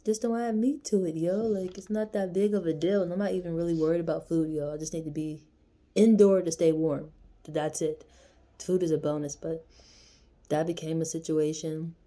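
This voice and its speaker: A woman's voice: sits low, warm tone. A young woman telling a personal story in a rambling, casual vlog style, dropping slang like "yo" as she goes. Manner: rambling, conversational, slangy with frequent "yo". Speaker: vlogger.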